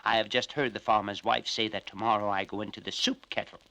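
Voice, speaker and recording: A man voicing a proud rooster who speaks in a loud, theatrical way. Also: on the low side, fairly even intonation, fast talker, creaky, muffled recording. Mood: dramatic.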